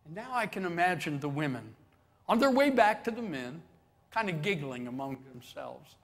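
A pastor with a slightly high, sing-song, fairly bright voice preaches a sermon at a moderate pace. He tells stories animatedly, acting out quotes with chuckles, in a church sanctuary with long reverb.

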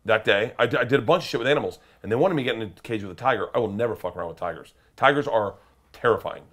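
A man telling a wild story as a guest, laughing and acting out quotes with sudden shouts. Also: on the low side, expressive, very fast. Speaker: comedian guest. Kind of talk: animated storytelling.

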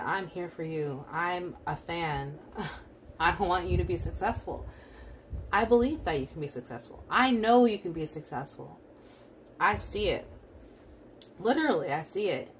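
Young female tarot reader, lower register, casual and reassuring, lots of affirmations. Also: a little hiss or hum. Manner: encouraging, repetitive affirmations; casual with frequent fillers. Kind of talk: pick-a-card tarot reading.

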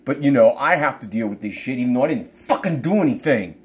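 A man's voice: medium pitch, expressive, quick pace, husky. A middle-aged man in pain, venting angrily and swearing in a personal video diary. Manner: profane, venting, bursts of loud anger. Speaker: vlogger.

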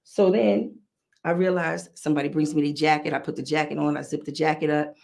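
A middle-aged woman with a New York accent, hosting a podcast and telling a story in a casual, animated, profane way. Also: sits low, brisk, creaky. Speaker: podcast host.

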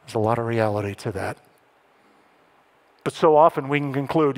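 A man preaching a sermon as pastor, animated and dramatic, acting out the lines he quotes. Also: normal speed, long pauses. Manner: animated, acts out quoted lines with rising pitch and emphasis.

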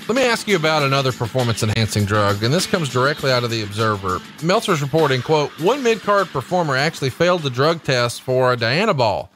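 A man's voice: medium pitch, big pitch swings, over music. A man co-hosting a podcast, doing a salesy ad read and then asking questions in a casual way. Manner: salesy and emphatic, spells out web addresses slowly. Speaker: podcast co-host.

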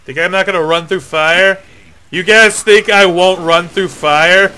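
A young man's bright, edgy voice rides slightly high as he jokes with friends over a game. He laughs easily and breaks into excited outbursts when things go wrong on screen. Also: unhurried. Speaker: gamer. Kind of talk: casual gaming chat.

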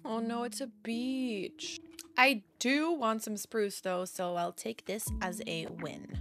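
A woman giving casual, chatty gameplay commentary, easily excited and gasping at new finds. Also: a little high, takes it slowly. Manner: chatty, excitable, gasps at discoveries. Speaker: Minecraft gaming creator. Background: background music.

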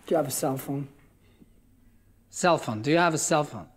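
A man's voice: fairly high pitch, normal speed, close to an everyday voice. An actor playing an awkward man stuck in a lift who fills the silence with rambling, nervous chatter. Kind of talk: film drama acting.

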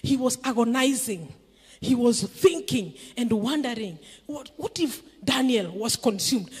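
A middle-aged Kenyan woman preaches a sermon in a church, speaking emphatically and putting questions to the congregation in call-and-response style. Her voice is fairly high and slightly rough, with a big-room sound.

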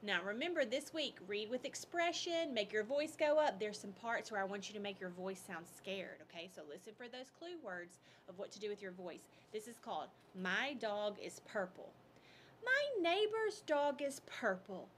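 A woman teaching second graders in a recorded lesson, upbeat and expressive in a teacherly way. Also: medium pitch, a little fast, hardly any pauses, a little hiss or hum.

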